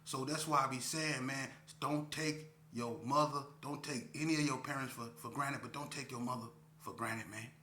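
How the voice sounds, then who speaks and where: A man giving a casual monologue, talking slowly and repeating himself like a preacher. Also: medium pitch, steady tone, bright, forceful tone, echoey room, slight background noise. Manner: preachy street talk, repeats himself, drawn-out pauses. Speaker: vlogger.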